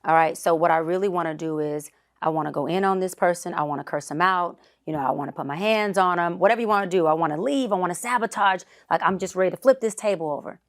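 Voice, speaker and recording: Psychologist guest, woman in her thirties, lowish voice, direct and confident. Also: quick pace, few pauses. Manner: assertive, acts out example dialogue. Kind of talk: casual interview explaining.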